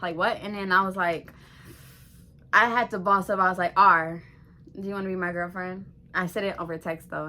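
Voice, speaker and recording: Bright-voiced young woman vlogger, slangy. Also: lowish voice, slight background noise. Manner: animated, slangy, swears freely. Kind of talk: casual storytelling to camera.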